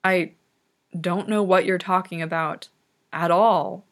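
A woman voicing a bewildered, awkward young man who talks in halting bursts, reading slowly. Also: on the low side, steady tone.

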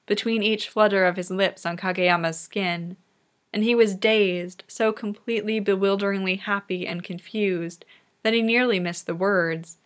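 A woman reading fan fiction aloud in soft, unhurried narration. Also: medium pitch, fairly even intonation. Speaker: reader.

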